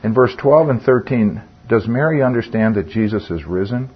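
A man's voice: on the low side, animated, moderate pace, slight background noise. An older man teaching a Bible study group in a conversational way, asking the group questions, with fillers and restarts. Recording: dull lo-fi sound.

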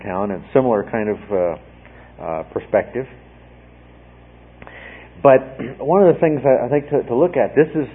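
Man, Bible teacher, husky voice, conversational, repeats himself, tinny radio broadcast. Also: fairly low pitch. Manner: conversational, repeats words, asks "okay?". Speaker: preacher teaching a Bible study.

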